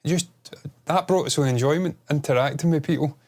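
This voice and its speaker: A man, co-hosting a casual gaming chat, animated and sweary, prone to rambling. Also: on the high side, fast. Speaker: podcast co-host.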